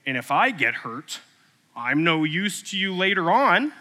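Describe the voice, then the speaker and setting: A man's voice: on the high side, very animated, a little slow, pushed and bright, exaggerated voice. A man doing a blunt, self-serving shepherd boy. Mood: matter-of-fact. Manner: blunt and offhand. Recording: echoey hall.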